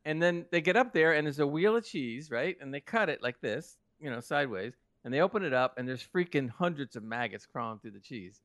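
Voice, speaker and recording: A man co-hosting a podcast, telling animated stories in casual chat and laughing as he goes. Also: fairly high pitch, brisk, hardly any pauses, no room sound, clean studio sound. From United States. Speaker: podcast co-host.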